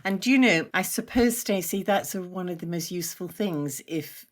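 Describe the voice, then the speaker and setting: A woman's voice: fairly low pitch, moderate pace. A woman who teaches energy medicine, a guest on a podcast, explaining her practice in a chatty, enthusiastic way and laughing often. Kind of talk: explanatory interview talk.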